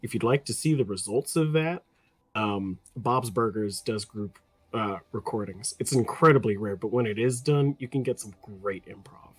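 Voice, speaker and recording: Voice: medium pitch, moderate pace, slightly rough. A host of a livestreamed roundtable who reads chat questions and makes jokes. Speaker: streamer host.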